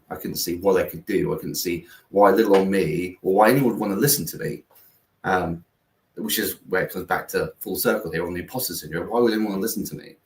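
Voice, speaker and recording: A man's voice: low-pitched, vocal fry. A middle-aged man, a guest founder, talking in a rambling, earnest way full of fillers and restarts. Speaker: guest, founder of a kindness platform. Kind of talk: casual conversation. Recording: roomy, distant mic.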